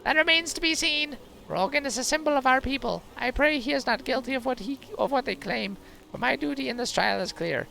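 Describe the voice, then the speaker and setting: A man voicing a stern old tribal wise woman in a video game, speaking slowly and formally in a raised voice. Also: very high voice, gravelly, bright, forceful tone, pitched above the performer's own voice, full character voice, rough recording. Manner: slow, formal, grave delivery.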